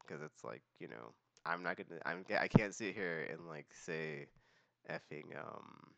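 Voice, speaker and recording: A man's voice: deep voice, lively intonation, moderate pace, vocal fry, fairly bright tone, no echo. A young man hosting a casual monthly vlog, rambling with many fillers and restarts. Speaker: vlog host.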